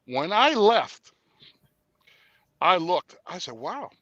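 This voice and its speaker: Male guest, lively storyteller who acts out voices and trails off with fillers; bright tone, dry close sound. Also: sits high, slow pace, dry recording, highs cut off. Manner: animated storyteller, acts out dialogue; hesitant with fillers. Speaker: interview guest. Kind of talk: casual conversation.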